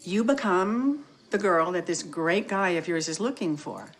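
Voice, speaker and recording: An actress playing a calm, gently probing middle-aged mother in a romance film. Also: lowish voice, a little slow. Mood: gentle. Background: film score.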